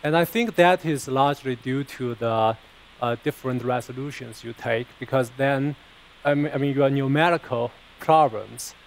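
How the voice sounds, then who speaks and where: A man's voice: medium pitch, normal speed, creaky, slight background noise, rough recording. A man answering technical questions about his research, hesitant and often repeating words. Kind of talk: technical Q&A after a talk.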